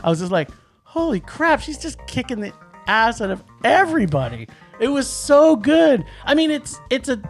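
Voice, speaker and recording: A man's voice: on the high side, creaky. A man co-hosting a movie podcast in casual chat, rambling with restarts and laughs. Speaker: podcast co-host.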